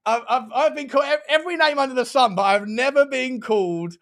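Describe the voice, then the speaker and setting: A man hosting a live football watchalong, animated and excitable, quick to laugh and swear while chatting over the match. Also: very high voice. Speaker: fan channel host.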